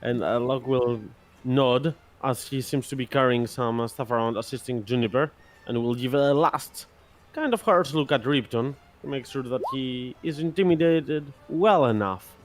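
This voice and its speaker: A man narrating as game master of a tabletop game, measured and halting. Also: mid-range voice, faint music behind.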